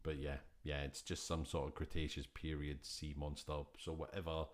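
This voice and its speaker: A man with a Scottish accent, co-hosting a casual film-review podcast in an animated, exasperated way and swearing freely. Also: extremely low pitch, moderate pace. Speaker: podcast co-host.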